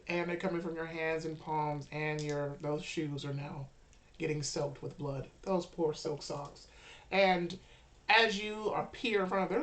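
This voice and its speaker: Low-voiced woman narrating a tabletop game. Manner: dramatic, with sudden loud outbursts. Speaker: game master.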